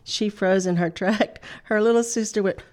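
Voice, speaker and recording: A woman's voice: mid-range voice, steady tone, moderate pace, darkish tone. A middle-aged woman, laughing often as she tells a personal story on a faith talk show. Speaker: guest.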